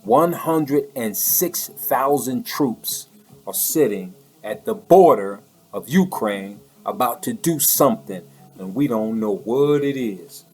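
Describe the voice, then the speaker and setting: A man's voice: medium pitch, lively intonation, slow, a little mellow, faint music behind. A man giving a heated, preachy political monologue in a colloquial way, often repeating words as he pushes his point. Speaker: political commentator. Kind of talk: impassioned monologue.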